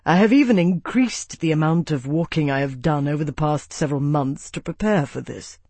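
A dignified aging lord speaks in formal, wryly understated phrases, as a man reads him. His voice is soft and even, recorded dry and close. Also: a little high, moderate pace, no room sound. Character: aging male ruler, wry and dignified.

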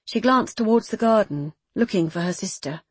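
A woman reading a novel aloud in measured, intimate scripted narration. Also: mid-range voice, animated, slightly rough, no echo. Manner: measured, intimate, close third-person storytelling. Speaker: audiobook narrator.

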